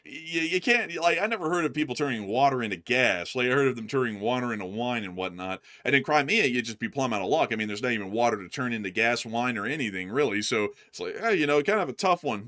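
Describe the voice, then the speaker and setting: A man hosts a casual livestream news rundown, joking as he goes and tripping over his words. His voice is bright and forceful. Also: medium pitch. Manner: jokey, loose, stumbles over words. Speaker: host of a war news livestream.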